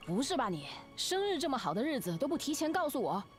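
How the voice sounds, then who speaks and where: A woman's voice: sits high, sing-song, fast, soft background music. A woman voicing a cheerful young woman in a game who teasingly invites a friend to a birthday feast. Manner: chatty, teasing, generous. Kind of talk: game character dialogue.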